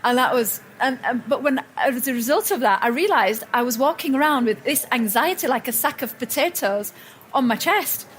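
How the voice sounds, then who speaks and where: Female motivational speaker, high register, chatty, keeps restarting her sentences. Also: animated, normal speed, a little hiss or hum. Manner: warm storytelling, frequent restarts and self-corrections. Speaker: speaker at a personal growth expo. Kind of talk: motivational talk to a live audience. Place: event hall with audience.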